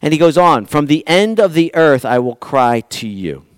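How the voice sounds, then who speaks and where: A man preaching with a fairly high voice, recorded close and dry with no room sound. He swings between loud, pleading lines and quiet, hushed asides to his listeners. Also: sing-song, moderate pace, clear, resonant tone, no echo. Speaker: pastor. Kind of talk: sermon.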